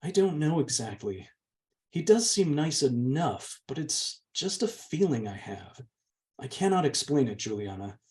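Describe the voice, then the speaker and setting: A man reading aloud, voicing a meek and gentle young woman who pleads softly with her older sister. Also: mid-range voice, moderate pace, close to an everyday voice. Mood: worried. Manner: soft, pleading. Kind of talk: audiobook reading.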